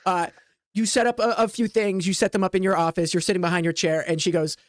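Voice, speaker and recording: A woman's voice: on the low side, fairly even intonation, fast talker, no room sound. Woman game master, rambly and casual, dry close mic. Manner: chatty, loose, filler-heavy narration. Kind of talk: narrating a tabletop game.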